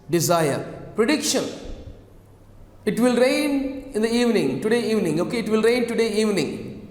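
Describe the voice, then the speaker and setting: A male teacher giving a classroom grammar lesson, repeating each phrase slowly and often asking whether the students follow. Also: sits high, lively intonation, darkish tone. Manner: slow, spells words out and repeats each phrase; checks understanding with frequent "right?" and "okay?". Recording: echoey classroom, reverberant.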